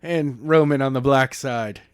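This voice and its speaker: A man on a casual podcast with a dry, close sound and an ordinary middle pitch. He jokes around and now and then puts on a mock ring-announcer delivery. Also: measured pace, clean tone, dry recording. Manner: playful, mock announcer hype. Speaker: podcast co-host. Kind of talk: casual wrestling podcast chat.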